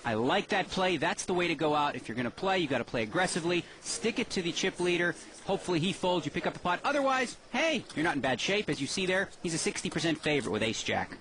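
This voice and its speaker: A man's voice: a little high, lively intonation, fast talker, few pauses, a bit bright, a little hiss or hum. A man giving TV poker commentary, explaining the strategy behind each hand.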